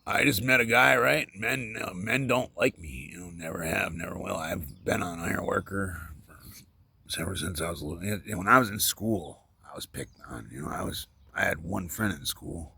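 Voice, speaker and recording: A middle-aged man rambling candidly about his life in a personal vlog, halting and full of fillers and restarts, getting emotional so his voice keeps sinking to a near whisper. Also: low-pitched, vocal fry, bright, forceful tone, slight background noise.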